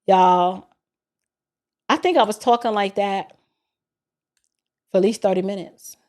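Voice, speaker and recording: A woman's voice: medium pitch, unhurried, a little mellow. A woman hosting a casual livestream, laughing hard and breaking up as she talks. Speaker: livestream host.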